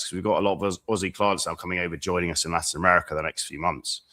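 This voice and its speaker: A man co-hosting a casual podcast, telling stories in a lively, joking way and laughing at his own lines. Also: deep voice, racing. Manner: animated storyteller, laughs at own jokes. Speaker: dating coach podcast co-host.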